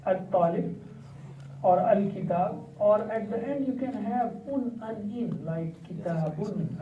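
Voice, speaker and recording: A male Arabic teacher leading a classroom lesson, patiently repeating words slowly and quizzing his students. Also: sits high, warm tone, a little hiss or hum. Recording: echoey dull room sound from a distance.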